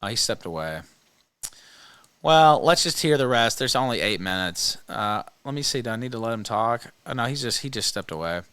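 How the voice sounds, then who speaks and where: A man's voice: medium pitch, expressive, moderate pace, pushed and bright, smooth, dry recording. Laid-back man hosting a livestream. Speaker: livestream host. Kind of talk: casual livestream talk.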